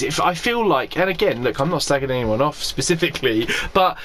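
A man's voice: on the high side, animated, a little fast, fairly bright tone. Scottish-born guy ranting on a podcast, swearing, exasperated, voice jumping all over, slight hiss behind. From Scotland. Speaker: podcast co-host. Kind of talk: casual comedic rant.

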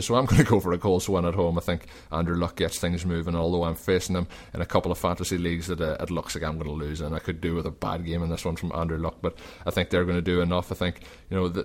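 A man hosting a sports podcast, chatting casually through game picks with plenty of fillers. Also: sits low. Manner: chatty, quick predictions with fillers. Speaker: podcast host. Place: recording while travelling.

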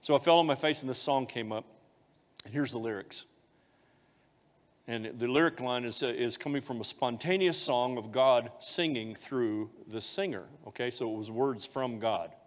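A man's voice: mid-range voice, moderate pace. A man preaching a sermon, confessional and emotional, his voice lifting as the feeling grows. His voice sits in a middle register, and a long hall reverb trails his words. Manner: emotional confessional storytelling, voice rising when moved. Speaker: pastor.

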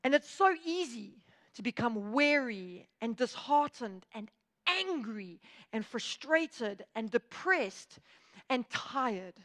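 A woman's voice: fairly high pitch, very animated, slow pace, a bit bright. A South African woman in her thirties giving a humorous, chatty motivational talk. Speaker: speaker.

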